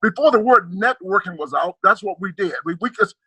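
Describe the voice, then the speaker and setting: An older male comedian chatting on a video call, ranting with animated, profane energy while holding his phone. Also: high-pitched, fairly quick, husky, no room sound. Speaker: comedian guest. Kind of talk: casual video call chat. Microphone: handheld phone on video call.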